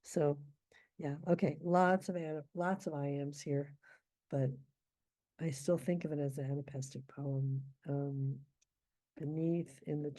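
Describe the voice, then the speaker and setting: A middle-aged woman teaching how to scan poetry, thinking aloud and reading verse lines slowly and deliberately. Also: deep voice, warm tone, no echo. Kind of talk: informal scansion lesson.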